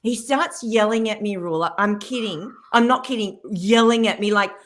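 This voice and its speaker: A woman, a radio guest telling a story in lively fashion, acting out what people said. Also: mid-range voice, normal speed. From Australia. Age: 50s. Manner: animated storyteller acting out quotes, laughing.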